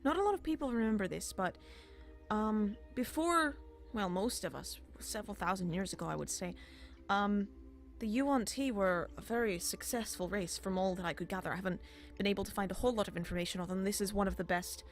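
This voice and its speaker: A woman's voice: medium pitch, fairly quick, close to an everyday voice. A woman voicing a scatterbrained, distracted elf scholar woman who talks in flustered bursts. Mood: explaining.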